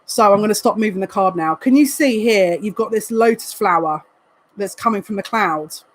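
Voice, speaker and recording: A woman, a psychic reader, giving a live card reading to viewers in an excitable, emotional way, full of quick asides. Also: mid-range voice, rough recording.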